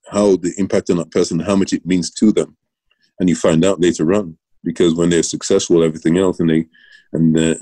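A middle-aged man from Britain recounts his coaching days in a casual interview, circling back and restarting as he goes. His voice sits very low and has a mellow, dark tone. The recording is close and dry, with no room sound. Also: no echo, poor audio. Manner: rambling anecdotes with restarts and laughs. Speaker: guest, former Olympian and coach.

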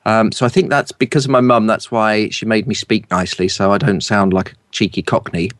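A middle-aged man from East London with a polished southern English accent, a broadcaster and speaker coach telling lively anecdotes in an interview. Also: lowish voice, no room sound, clean studio sound. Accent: standard southern English. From East London, England. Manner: lively, anecdotal, quick to laugh.

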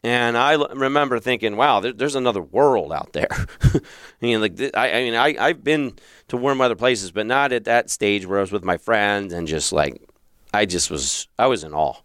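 Host, male, lowish smooth voice, lively storyteller, dry close mic. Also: normal speed, dry recording. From Philadelphia. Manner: animated, with many restarts, acts out past thoughts in a raised voice. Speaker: podcast host and relationship coach. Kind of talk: personal storytelling monologue.

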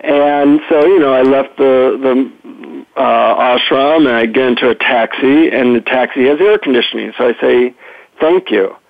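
A man's voice: mid-range voice, gravelly, dry recording. A middle-aged man, a psychotherapist and author, telling stories as a guest on a phone-in radio interview. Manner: animated storyteller, chatty with fillers. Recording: tinny phone line.

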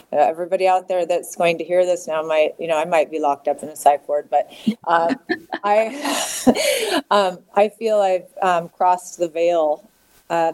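Low mellow-voiced woman, halting and candid. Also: poor audio. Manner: halting and candid, repeats words. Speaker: guest. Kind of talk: emotional personal interview.

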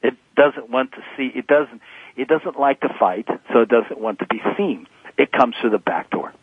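A man's voice: medium pitch, expressive, moderate pace, breathy edge, dry recording. A man in his fifties, a motivational speaker, talking emphatically as a guest in a phone-in radio interview. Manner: emphatic, preachy motivational delivery. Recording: tinny phone line.

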